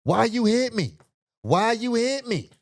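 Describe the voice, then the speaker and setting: A man's voice: very high voice, very animated, measured pace, no room sound, clean studio sound, pitched above the performer's own voice, exaggerated voice. A man voicing a tall, erratic male stranger who shrilly picks a fight and repeats himself. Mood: accusing.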